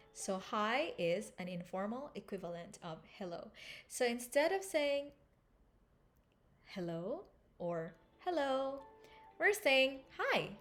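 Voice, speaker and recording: A woman's voice: medium pitch, a bit bright. A woman teaching an English lesson, explaining and repeating phrases to show intonation. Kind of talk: language lesson.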